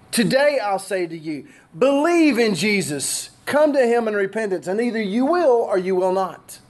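High-voiced man preaching a conversational sermon. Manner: conversational preaching with asides and self-deprecating humor. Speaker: pastor.

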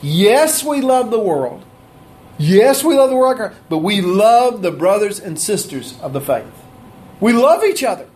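High-voiced folksy male preacher. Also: very animated, a little slow, darkish tone. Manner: folksy, conversational, with asides to people in the room; pitch rises and drops for emphasis. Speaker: pastor. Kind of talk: sermon.

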